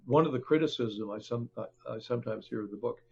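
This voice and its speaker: An older man, an author, talks through his work as a podcast guest, stopping and restarting often and leaning on fillers. His voice is gravelly and husky. The audio sounds dull and lo-fi. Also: mid-range voice, a little mellow. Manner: halting, many fillers and restarts. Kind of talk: conversational interview.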